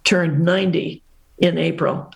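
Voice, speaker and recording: Gravelly older woman telling family stories. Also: fairly low pitch, fairly even intonation, unhurried. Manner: chatty, rambling anecdotes. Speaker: guest, family member. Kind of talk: casual family storytelling.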